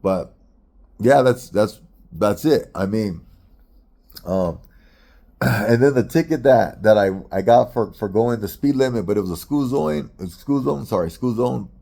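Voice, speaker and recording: A man's voice: lowish voice, animated, a little slow, pauses often, mellow. A middle-aged man from the United States telling a long, frustrated story in a rambling, profane way with many restarts. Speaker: vlogger. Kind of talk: casual storytelling rant.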